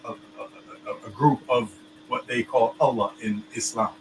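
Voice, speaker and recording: Man, casual chat, rambling explainer, mid pitch, faint ambience behind. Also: steady tone, moderate pace, a little hiss or hum, low-quality recording. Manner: loose, filler-heavy explaining, keeps checking "you understand me?".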